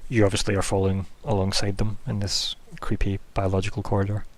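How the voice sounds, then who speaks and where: Guy running a tabletop game, lowish voice, loose rambly narration with lots of um and like. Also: monotone, fast talker. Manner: casual, rambling, many fillers. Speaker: game master.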